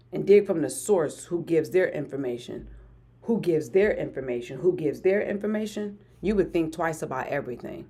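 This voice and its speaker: A woman in her forties hosting a hyped motivational live stream, energetic and repeating phrases for emphasis. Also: deep voice, moderate pace, husky. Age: 40s. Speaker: motivational livestream host.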